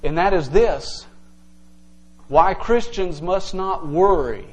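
A man's voice: sits high, animated, slow, low-quality recording. A male pastor preaching an earnest, emphatic evening sermon to his congregation, teaching verse by verse.

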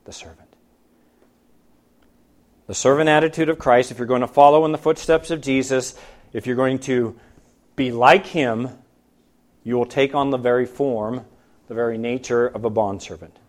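A male pastor preaching a sermon in a church, firing rhetorical questions and swinging between loud emphasis and soft, low asides. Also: steady tone, moderate pace.

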